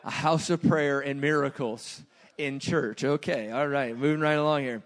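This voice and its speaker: A man preaching a sermon in a loose, joking way that swings between quiet asides and loud bursts. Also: mid-range voice, moderate pace.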